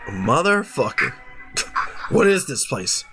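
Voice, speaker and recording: A man's voice: medium pitch, very animated, takes it slowly, over music, voice pushed down. A man voicing a wounded, furious male demon clown from a game, speaking in a brooding, theatrical way. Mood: bewildered.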